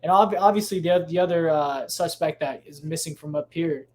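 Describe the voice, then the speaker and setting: A man's voice: fairly high pitch, moderate pace, a little mellow. A man hosting a solo podcast, rambling casually with lots of swearing, restarts and tangents, recording at home late at night. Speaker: podcast host.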